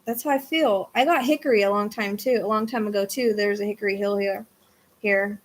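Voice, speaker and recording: A woman doing a live-streamed psychic reading, excitable, swinging between hushed asides and loud exclamations. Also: mid-range voice, fairly quick.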